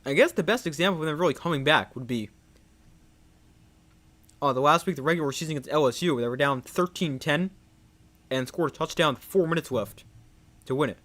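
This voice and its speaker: A young man giving live play-by-play commentary on a football game, growing excited on big plays. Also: on the high side, fairly quick, pauses often. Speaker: play-by-play streamer.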